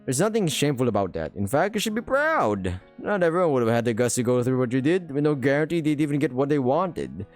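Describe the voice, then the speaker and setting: A man's voice: mid-range voice, big pitch swings, fast, few pauses, faint music behind, close to an everyday voice. A man voicing a friendly, upbeat young male dragon in a visual novel, talking in a chatty, reassuring way.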